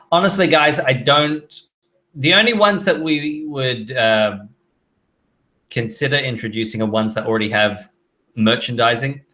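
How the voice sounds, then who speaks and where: A man's voice: medium pitch, bright, forceful tone. A man hosting a casual live stream, reading viewer questions aloud and answering them in an offhand, chatty way. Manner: reads out chat questions then answers offhandedly, with fillers.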